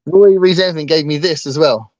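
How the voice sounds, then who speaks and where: A man's voice: on the high side, fairly quick, a little mellow, no echo. Hesitant man, lo-fi dry sound. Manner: hesitant, full of ums and restarts. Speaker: book channel co-host. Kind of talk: casual livestream chat.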